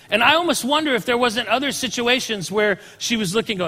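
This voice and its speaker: A man's voice: extremely high pitch, animated, a little fast, hardly any pauses, pushed and bright, in a large hall. A man preaching a sermon as a pastor, talking casually and asking the congregation questions. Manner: conversational, asks the congregation questions.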